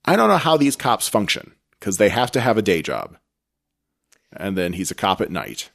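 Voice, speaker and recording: A man's voice: fairly low pitch, very animated, normal speed, vocal fry, fairly bright tone. A man co-hosting a podcast, recapping a TV episode in a rambling, self-correcting casual chat. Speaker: podcast co-host.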